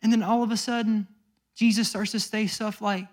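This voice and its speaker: A high-pitched man preaches a sermon in a chatty, storytelling way. He slips into little acted-out voices for the people in his stories. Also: level tone, normal speed. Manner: conversational storytelling with acted quotes. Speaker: pastor.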